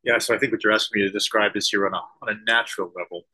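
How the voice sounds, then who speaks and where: A man, a former special-forces soldier and leadership consultant, answering interview questions thoughtfully with halting restarts. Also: on the low side, steady tone, bright, forceful tone, low-quality recording. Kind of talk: conversational interview.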